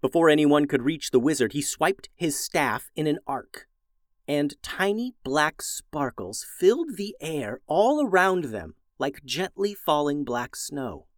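Expressive male storyteller. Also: on the high side, measured pace, no echo, studio quality. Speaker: storyteller host. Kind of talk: scripted children's story narration.

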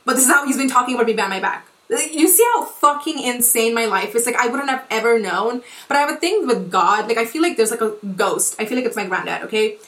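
Fast-talking young woman, casual podcast rant. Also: on the high side, a bit bright, roomy sound, low-quality recording. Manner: rambling, swears a lot, many restarts and "like". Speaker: podcast host. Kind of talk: casual storytelling monologue.

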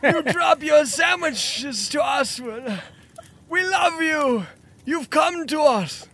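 Man doing a breathless high-pitched cultist. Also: expressive, slow pace, vocal fry, fairly bright tone, slight background noise, heavily acted. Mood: worshipful. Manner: worshipful, panting, high-pitched. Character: frantic breathless male underground cult member. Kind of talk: tabletop role-play voice.

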